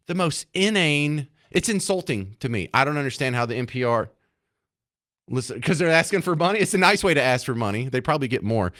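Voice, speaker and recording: A man's voice: fairly high pitch, no echo, studio quality. A man hosting a talk radio show, delivering an opinionated, sarcastic monologue. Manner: sarcastic, mocking, animated.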